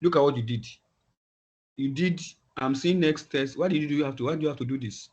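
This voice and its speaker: A man teaching a class online, talking in halting phrases and often repeating words as he thinks aloud. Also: fairly high pitch, a little mellow. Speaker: instructor. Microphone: video call. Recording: dull lo-fi video call audio.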